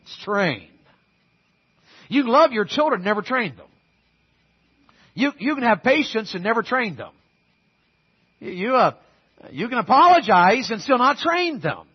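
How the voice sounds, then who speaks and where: High-voiced husky preacher, talking to his church. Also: big pitch swings, a little slow, pauses often, lo-fi sound. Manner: conversational preaching, asks the congregation questions and acts out quoted parents. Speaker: pastor. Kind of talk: sermon. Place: church auditorium with a congregation.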